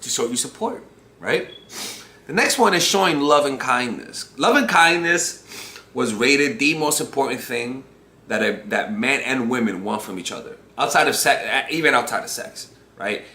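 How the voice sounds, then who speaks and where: A man's voice: medium pitch, sharp tone, a little hiss or hum. A man giving casual dating advice to camera, rambling and profane, with many restarts. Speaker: dating coach. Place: room at home. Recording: echoey room.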